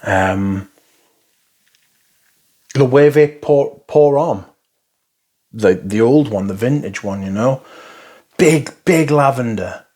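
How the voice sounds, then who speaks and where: A man's voice: mid-range voice, animated, takes it slowly, pauses often, a little mellow. A man giving casual, rambling first impressions of fragrances, blunt and full of swearing. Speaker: fragrance reviewer.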